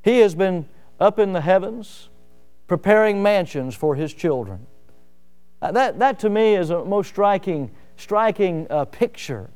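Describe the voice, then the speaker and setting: Preacher guy, folksy sermon, loud then soft, high clear voice. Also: expressive, unhurried, soft background music. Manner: preaching with sudden loud rises and soft drops; folksy storytelling with fillers. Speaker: pastor.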